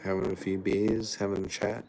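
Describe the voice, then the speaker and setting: A man's voice: lowish voice, flat delivery, moderate pace, darkish tone, a little hiss or hum. A man hosting a casual livestream chat, laid-back and profane, talking to viewers over a few beers.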